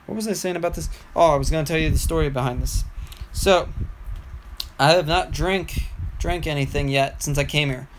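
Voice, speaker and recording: A man's voice: on the high side, moderate pace, slight background noise, low-quality recording. A young man chatting on his gaming livestream, telling a meandering story with frequent restarts. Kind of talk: casual rambling livestream chat.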